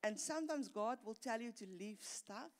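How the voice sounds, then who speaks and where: A woman's voice: fairly high pitch, normal speed. A middle-aged woman pastor, preaching an earnest sermon that builds in intensity and often repeats words. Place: church hall. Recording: long reverb of a church hall.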